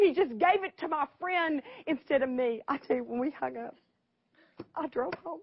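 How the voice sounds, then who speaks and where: A woman's voice: high voice, animated, normal speed, no echo, highs cut off. A middle-aged woman, telling an emotional story dramatically to an audience and speaking straight to them.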